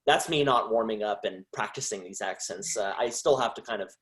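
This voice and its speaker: A man who is a voice actor, talking as a guest in a casual interview, halting and restarting his sentences often. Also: fairly low pitch, a bit bright. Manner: halting, with frequent restarts and trailing phrases.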